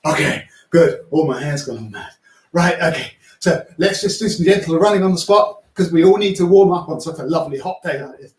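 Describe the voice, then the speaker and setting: A man teaching primary school music, leading children's warm-ups with upbeat, playful, coaxing instructions. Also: high voice. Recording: echoey room.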